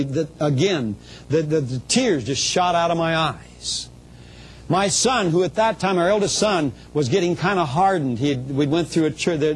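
High-voiced preacher man, fervent testimony. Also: husky, low-quality recording. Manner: fervent, storytelling, rising to emotional shouts; stumbles and repeats small words. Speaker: traveling minister. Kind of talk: testimony sermon.

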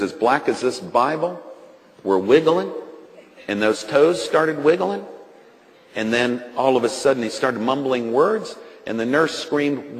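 A man, a doctor, telling a dramatic story on a Christian TV talk show, swinging from hushed lines to loud excited bursts. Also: mid-range voice, long reverb tail, poor audio. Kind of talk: animated storytelling.

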